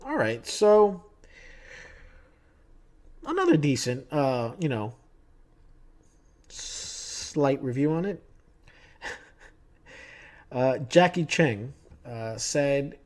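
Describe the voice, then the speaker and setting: A man's voice: mid-range voice, sing-song, extremely slow, long pauses, darkish tone. A man vlogging casually about movie news, chatty and opinionated, telling stories from his day. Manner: chatty, opinionated, tells anecdotes.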